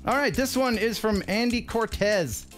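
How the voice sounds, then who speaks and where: A man hosting a live drone stream in casual chat, excitable and quick to laugh, thanking viewers effusively. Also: high-pitched, soft background music. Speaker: host.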